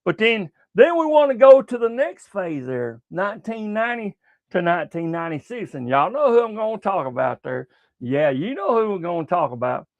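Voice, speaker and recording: A man's voice: high-pitched, no echo. An older man, hosting a casual sports talk show, rambling with lots of profanity and stumbling restarts.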